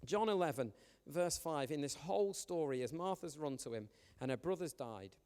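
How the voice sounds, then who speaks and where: Guy preaching to young people, chatty and animated, kinda high voice, long echo off the hall. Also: moderate pace. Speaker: youth pastor. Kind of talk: informal storytelling sermon. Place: church hall.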